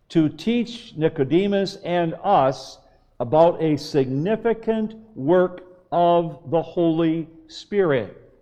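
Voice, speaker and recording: A man preaching a sermon, slow and emphatic, with long pauses. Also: fairly high pitch, mellow. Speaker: pastor.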